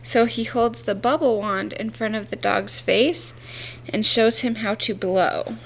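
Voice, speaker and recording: A young woman filming at home indoors, gently coaxing a toddler and laughing often. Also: medium pitch, steady tone, unhurried, vocal fry, lo-fi sound, slight background noise. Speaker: parent filming her child. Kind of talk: casual home video.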